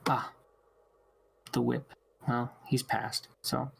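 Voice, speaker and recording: A man running a tabletop game as dungeon master, narrating and calling rules in a relaxed, chatty way. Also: medium pitch, slow, gravelly, slightly rough.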